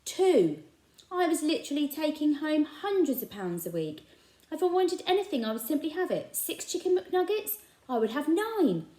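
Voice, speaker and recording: A woman voicing a kindly, eccentric adult male shopkeeper with a gentle, earnest manner. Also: sits high, very animated, moderate pace, voice pushed up. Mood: boastful. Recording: echoey room.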